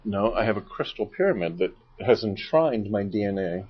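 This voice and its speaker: Lively joking male co-host. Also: on the low side, moderate pace, husky. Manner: joking, laughs often, lively delivery. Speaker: co-host of a stock market show. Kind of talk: casual banter, market commentary. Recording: dull lo-fi sound.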